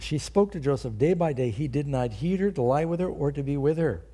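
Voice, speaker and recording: Older guy pastor giving a sermon, mellow kinda raspy voice, talks like a chat. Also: a little high, expressive, fairly quick. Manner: conversational Bible teaching with rhetorical questions.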